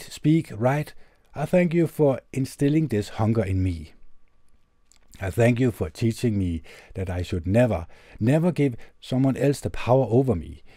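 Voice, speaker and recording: A man hosting a podcast, reading a heartfelt letter aloud and then reflecting on it in an earnest, measured, gentle way, into a tube condenser studio mic. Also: on the low side, dry recording. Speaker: podcast host.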